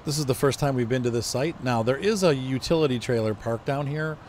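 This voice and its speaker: With a mid-range, slightly mellow voice and a somewhat fast pace, a man offers casual commentary while streaming a game. His allergies make him sound stuffy, and he rambles, thinks aloud while driving, and corrects himself. A little hiss or hum runs under the recording.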